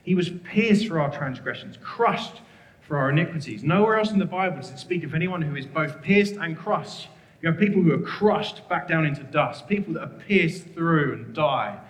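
A man's voice: a little high, lively intonation, normal speed. A man preaching a sermon, earnest and emphatic, rattling off scripture references. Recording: echoey hall with long reverb.

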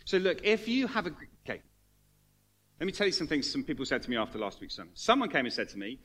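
A man preaching a sermon, his pitch leaping and dropping with lively energy. His voice sits a little high for a man, and he moves between hushed asides and loud, emphatic lines while acting out the people he quotes. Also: quick pace, husky. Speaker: pastor.

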